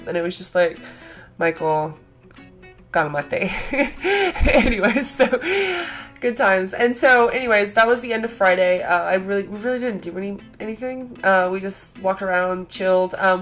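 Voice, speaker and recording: A young woman telling a convention story in a casual vlog, chatty and excitable, full of fillers and acted-out quotes. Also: mid-range voice. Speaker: vlogger.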